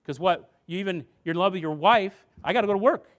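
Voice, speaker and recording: A man presenting a seminar on parenting and addiction to a live audience, talking conversationally with rhetorical questions and going soft and low on earnest points. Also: fast. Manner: conversational, rhetorical questions, acts out quoted voices.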